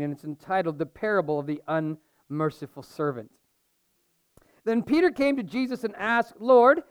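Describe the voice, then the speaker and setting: Smooth-voiced male pastor preaching conversationally. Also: very high voice, dry recording. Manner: conversational, animated storytelling with humorous asides. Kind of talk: sermon.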